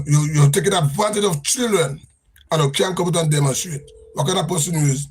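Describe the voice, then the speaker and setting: Husky high-voiced Grenadian man ranting. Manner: impassioned, repetitive, sing-song cadence. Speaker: livestream host. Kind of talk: political rant on a livestream.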